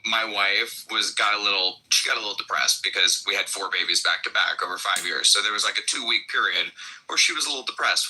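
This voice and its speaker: A man's voice: lowish voice, sharp tone, husky, poor audio. A man co-hosting a podcast in loose, rambling casual chat, full of restarts, asides and profanity. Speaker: podcast co-host.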